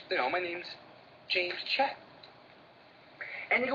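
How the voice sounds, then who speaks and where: A man's voice: extremely high pitch, a little fast, pauses often, bright, forceful tone, dull audio, slight background noise. A man with a Brooklyn New York accent, bantering casually with his brother as co-host, full of stammered restarts and blunt street talk.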